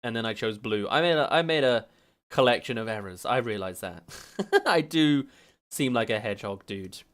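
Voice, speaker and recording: A man's voice: mid-range voice, expressive, normal speed, a bit bright. A young English man streaming as a VTuber, chatting casually and laughing as he reads quiz questions aloud. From England.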